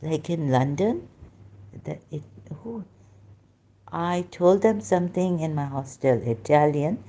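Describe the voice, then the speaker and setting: A woman with a low, mellow voice talks to her viewers at an unhurried pace. She rambles in a loose monologue, cutting herself off and restarting her sentences as she thinks aloud. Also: animated. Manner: rambling, self-interrupting, many restarts. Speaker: vlogger. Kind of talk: casual monologue.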